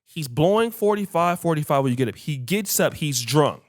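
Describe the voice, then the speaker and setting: A man hosting a podcast who tells stories in casual chat, animated and swearing freely while acting out what people said. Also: fairly high pitch, normal speed. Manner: animated, acts out quoted dialogue, swears freely. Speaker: podcast host.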